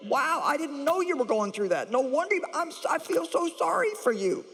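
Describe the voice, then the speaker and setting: A woman's voice: sits high, very animated, moderate pace, a bit bright, long reverb tail, voice pushed up, heavily acted. Woman doing a gushing, syrupy sympathizer. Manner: sugary, gushing pity. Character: gushing overly sympathetic man.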